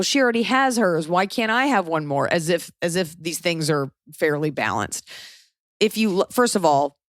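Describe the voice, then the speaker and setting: A woman's voice: low voice, no echo, clean studio sound. A woman podcast host giving blunt, frank advice in casual chat, swearing freely and acting out quoted people. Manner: blunt, swears, animated quoting.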